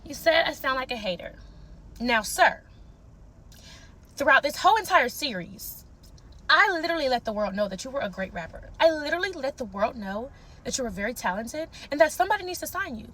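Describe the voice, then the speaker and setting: High bright-voiced sassy woman. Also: big pitch swings, a little fast. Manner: sassy, cursing, mocking. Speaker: social media creator in a feud. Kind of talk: heated venting to camera.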